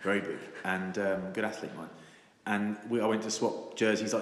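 A man's voice: on the low side, steady tone. A man in his own voice, a co-host and former rugby player, telling stories in jokey casual chat. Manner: chatty storyteller, quick and jokey. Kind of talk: casual banter and anecdotes. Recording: echoey room with long reverb.

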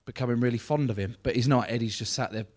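A man's voice: mid-range voice, quick pace, darkish tone. A man appearing as a guest at a live show, telling stories in a wry, dry way with casual swearing. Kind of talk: casual chat. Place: crowded live-show venue.

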